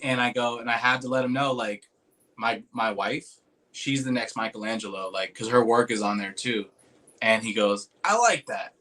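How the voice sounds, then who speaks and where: A young man in casual chat, telling a long story, acting out the other people's lines with lots of restarts. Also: mid-range voice. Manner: animated, acts out quoted voices, rambling with restarts. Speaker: podcast host telling a story.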